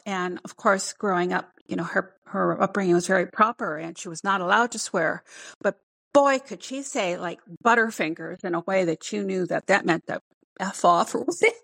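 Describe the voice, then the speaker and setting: A woman scientist chatting casually, animated and quick to laugh, often restarting her words. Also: medium pitch, gravelly, no room sound. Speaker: scientist guest. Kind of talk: casual conversation. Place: home in Northern Kentucky.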